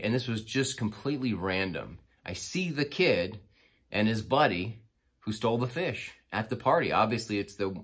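A man's voice: fairly low pitch, a bit bright. A man casually telling a personal story, rambling with many fillers and restarts.

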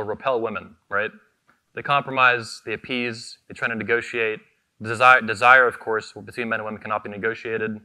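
A man's voice: medium pitch, sharp tone. A man giving a fiery convention keynote speech on stage into a microphone, combative and profane, hammering short repeated phrases. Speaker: keynote speaker, convention founder.

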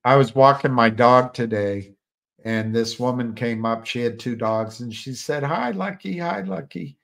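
A man's voice: mid-range voice, little pitch movement, measured pace, fairly bright tone, smooth. An older man hosting a live stream, chatting casually and rambling with frequent restarts. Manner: rambling, musing, many restarts. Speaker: livestream host.

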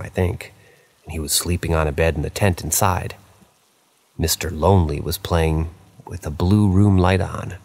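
A man narrating true paranormal stories aloud, reading in a plain, unhurried way with small slips. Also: deep voice, darkish tone, slightly rough, dry recording. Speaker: story narrator.

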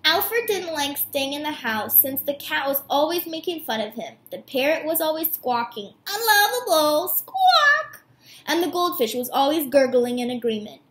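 A woman teacher reading a picture book aloud to her students, warm and animated. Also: high-pitched, normal speed. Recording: echoey room.

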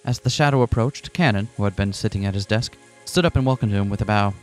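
Reading through a visual novel with his friends, a man with a low, slightly mellow voice moves quickly, shifting from narration to character voices and cracking up between lines. He jokes around during this casual dramatic reading as soft music plays behind him.

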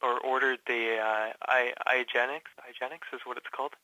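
Male interview guest from Canada, hesitant and halting, bright flat delivery, dry close recording. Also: mid-range voice, dry recording, rough recording. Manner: halting, many fillers and restarts. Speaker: patient guest. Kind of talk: casual interview.

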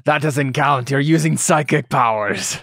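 A man's voice: mid-range voice, measured pace, fairly bright tone, no echo, clean studio sound. A man running a tabletop game as game master, narrating loosely with many fillers and restarts.

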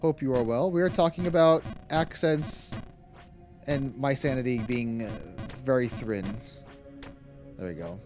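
An Irish streamer chats casually with his viewers while livestreaming a game, laughing often and cursing at the game. His medium-pitched voice is a little slow, and music plays underneath.

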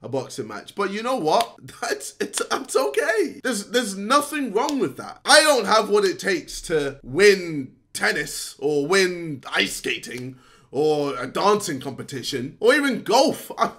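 A man ranting straight to camera in a frustrated, scolding way, sometimes shouting and laughing between points. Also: high-pitched, very animated, measured pace. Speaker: YouTuber. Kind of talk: direct-to-camera rant.

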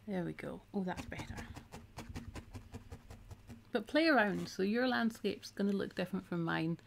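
A woman's voice: mid-range voice, normal speed, creaky, pauses often, a little hiss or hum. A middle-aged woman, chatting casually while she teaches a craft on a live stream and reads out viewer comments.

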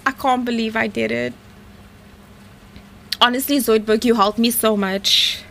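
A young woman streaming a game, talking in a shaky, breathless, excited way. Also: a little high, unhurried, vocal fry. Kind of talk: live game stream chat. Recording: faint background noise.

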